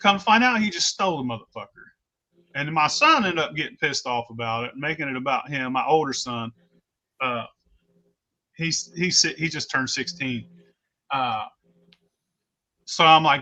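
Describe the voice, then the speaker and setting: A man's voice: a little high, normal speed, bright, forceful tone. A man, the host, telling a story in a casual chat, blunt and profane.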